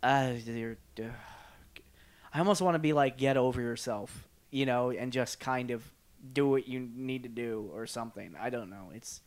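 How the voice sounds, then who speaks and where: A man with a smooth, clear voice chats casually as a podcast co-host. He rambles, circles back and corrects himself with plenty of fillers. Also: medium pitch, moderate pace. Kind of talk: casual chat.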